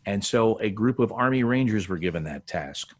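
In an easygoing podcast conversation, a veteran broadcaster in his later years spins digressive stories, restarting often and laughing along. He has a lowish voice with lively intonation and a moderate pace.

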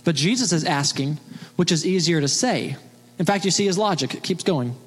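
Male pastor, high voice, emphatic sermon delivery full of rhetorical questions, long hall reverb. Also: fairly quick, slightly rough.

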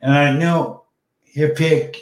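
A man's voice: fairly high pitch, flat delivery, takes it slowly. A man hosting a casual online chat, speaking with emotion and gratitude. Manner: emotional, grateful, choked up. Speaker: host. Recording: echoey room.

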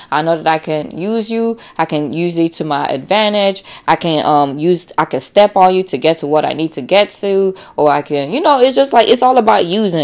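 A woman hosting a casual solo podcast, talking in a slangy, profane, animated way with lots of "like" and "you know," and acting out little quoted exchanges. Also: lowish voice. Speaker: podcast host.

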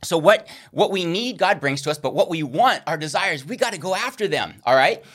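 Earnest man teaching, slightly high voice. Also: lively intonation, fairly quick, a bit bright. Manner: earnest, checks in with frequent "okay?". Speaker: Christian ministry teacher. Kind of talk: recorded online course lesson.

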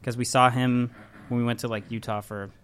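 A man's voice: medium pitch, little pitch movement, fairly quick, fairly bright tone, a little hiss or hum. A young man co-hosting a casual podcast chat who makes joking, wry asides. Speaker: podcast co-host.

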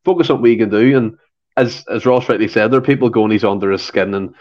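A man's voice: fairly low pitch, fast talker. Riled-up Scottish man, lo-fi audio. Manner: riled up, emphatic. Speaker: podcast guest. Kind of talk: casual chat. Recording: dull lo-fi audio.

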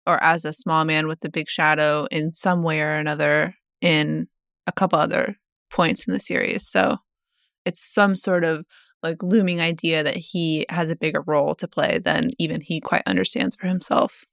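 A young woman co-hosting a podcast, discussing a book casually, thinking out loud and reading passages aloud. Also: low-pitched, fairly even intonation, normal speed, gravelly, no room sound, clean studio sound. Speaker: podcast co-host.

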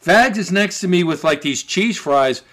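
A man's voice: high voice, moderate pace. A man telling a story to friends in casual, profane chat, acting out what people said. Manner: animated, profane, acts out quoted voices.

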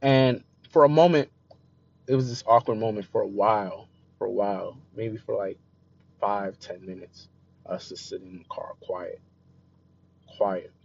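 A young man telling a personal story in a confessional way, repeating himself and often trailing off softly, on a dull lo-fi recording. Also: on the low side, unhurried, vocal fry, pauses often. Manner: emotional, repeats phrases, voice trails off quieter. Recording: slightly dull lo-fi recording with faint noise.

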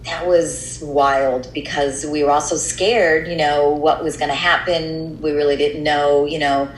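A woman's voice: low voice, little pitch movement, unhurried, reverberant, a little hiss or hum, poor audio. A middle-aged woman with an American accent, a radio host chatting candidly and casually, dropping in "you know" often. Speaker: radio host and voiceover artist. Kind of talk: casual chat.

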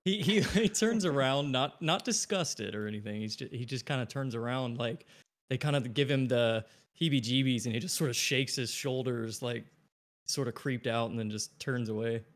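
A man's voice: medium pitch, normal speed. A man playing in a casual tabletop game, joking with the others. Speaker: player.

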